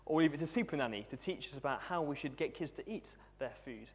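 A man's voice: on the high side, expressive, quick pace. A young man in his twenties preaching a sermon, humorous and self-deprecating as he tells stories. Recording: long hall reverb.

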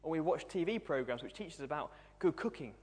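A man's voice: fairly high pitch, animated, fast, darkish tone. A young man in his twenties preaching a sermon, humorous and self-deprecating as he tells stories. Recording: long hall reverb.

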